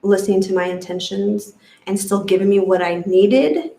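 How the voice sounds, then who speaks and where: A woman's voice: medium pitch, moderate pace, vocal fry, dark tone, echoey room, low-quality recording. A woman sharing a personal story in an emotional, rambling way, with many fillers. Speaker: retreat guest sharing her experience.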